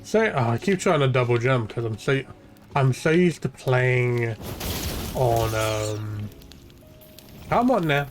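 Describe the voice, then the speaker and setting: A young man talks over his gameplay in a loose, wandering stream of commentary. He drifts from one thought to the next and drops casual swearing along the way. His voice sits at an ordinary middle pitch, with faint game music running behind it. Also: slow pace. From half Irish, half English. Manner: rambling, chatty, swears casually.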